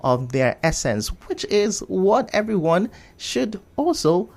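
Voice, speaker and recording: A man's voice: high-pitched, sing-song, slow pace, vocal fry, a little mellow. A man, a studio guest on a radio talk show, confidently explaining and arguing his view. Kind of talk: live radio discussion.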